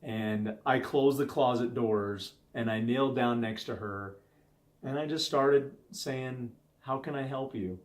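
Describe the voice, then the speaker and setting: A man's voice: mid-range voice, a little slow. A man in his thirties hosting a casual talk, telling a story from his home life in an earnest, conversational way. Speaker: host. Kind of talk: casual talk on stress management.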